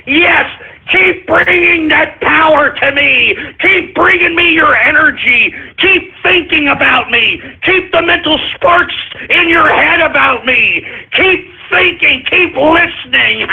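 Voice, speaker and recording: A man hosting an internet radio show, taunting his critics with drawn-out shouts and cackling laughter. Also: very high voice, gravelly. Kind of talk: gloating call-in radio monologue. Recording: dull lo-fi internet radio sound.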